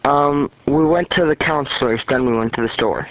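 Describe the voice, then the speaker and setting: A man in a casual phone conversation, retelling events in a rambling, halting, frustrated way. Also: medium pitch. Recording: tinny phone line.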